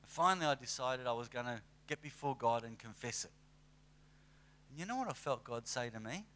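Lively conversational male preacher. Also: mid-range voice, normal speed, long pauses, a little hiss or hum. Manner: conversational, animated with acted asides. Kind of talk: sermon.

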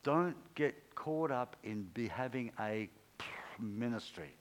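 In a low-quality recording, a man delivers an informal, conversational sermon at a slow pace. He sounds animated and acts out quoted speech with big swings in pitch.

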